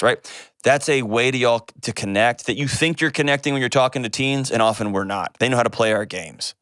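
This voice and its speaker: A man, hosting an advice call-in show and answering a caller in an earnest, gentle way. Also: mid-range voice, moderate pace, clean tone, dry recording, studio quality. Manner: earnest and gentle, shifts pace often.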